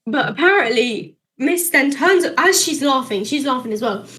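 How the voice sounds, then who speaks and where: A woman's voice: sits high, normal speed. A teenage girl telling a school story on a casual podcast, acting out the dialogue and laughing as she goes. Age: teens. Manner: animated, acts out the dialogue, laughs through the story. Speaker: podcast co-host.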